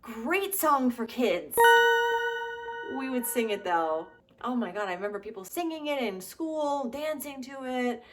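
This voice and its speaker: A woman in her thirties giving sarcastic, comedic commentary on nostalgic trends, swearing and throwing in animated asides. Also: on the high side, unhurried, faint music behind. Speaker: comedy vlogger.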